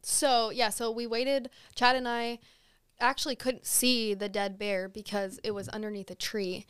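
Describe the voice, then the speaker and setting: A young woman, a podcast guest, telling a hunting story in a relaxed, chatty way with plenty of fillers. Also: a little high, unhurried, smooth, no echo, clean studio sound. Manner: easygoing, frequent fillers, animated when excited. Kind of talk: casual storytelling.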